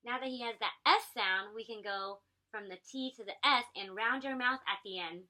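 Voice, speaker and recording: A young woman demonstrating speech therapy techniques, giving clear, encouraging instructions. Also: fairly high pitch, moderate pace, bright, forceful tone.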